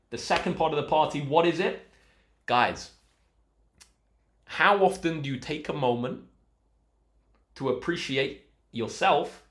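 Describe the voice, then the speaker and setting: A young man speaks in a relaxed live-stream chat, upbeat and encouraging as he greets viewers. His pitch sits in an ordinary middle range. The room around him gives his voice a noticeable echo. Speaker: maths tutor hosting a live stream. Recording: roomy echo.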